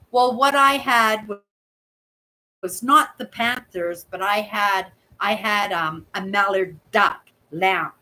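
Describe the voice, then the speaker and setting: Her pitch is fairly high, her tone pushed and bright, and the audio quality is poor. This Canadian woman in her 60s is a chatty channel host on a casual live chat, spinning stories, repeatedly asking "right?", and voicing characters in quoted dialogue.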